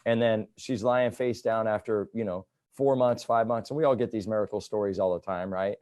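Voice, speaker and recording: A man's voice: fairly low pitch, a little fast. A man in his thirties, a chiropractor, telling patient stories in a casual interview, often tagging "right?" onto his points. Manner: animated storytelling, repeats "right?" often.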